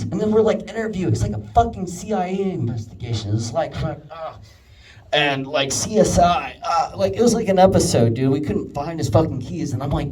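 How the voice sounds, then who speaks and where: A man's voice: fairly high pitch, lively intonation, a little fast, darkish tone, distant mic, poor audio. Rambling, swearing man at a party. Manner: rambling, heavy swearing, lots of "like" and "dude". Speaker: friend giving a roast speech. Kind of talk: casual storytelling toast.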